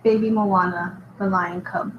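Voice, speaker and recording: Brief: woman artist host, giggly thinking-aloud chatter, mid pitch, muffled echoey room with hiss. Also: measured pace. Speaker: artist hosting a live drawing show. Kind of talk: casual drawing commentary. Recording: dull echoey recording with steady background noise.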